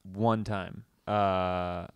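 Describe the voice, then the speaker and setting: A man's voice: sits low, little pitch movement, very slow, smooth, no echo, studio quality. A man hosting a comedy podcast, chatting casually and riffing playfully with his guest. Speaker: podcast host.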